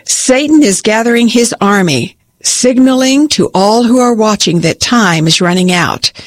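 A woman reading a scripted devotional in a calm, steady way. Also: mid-range voice, dry recording. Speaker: devotional reader.

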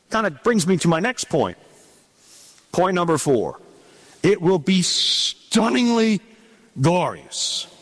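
A middle-aged man with a voice that sits high preaches a sermon in a dramatic, animated style. He draws out key words in a sing-song way.

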